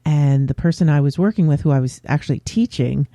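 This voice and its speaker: A man hosting his own podcast, talking openly in a casual, unscripted way with pauses and fillers. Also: a little high, warm tone, no room sound, studio quality. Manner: candid and open, with frequent pauses and fillers. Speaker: podcast host. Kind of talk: casual solo podcast chat.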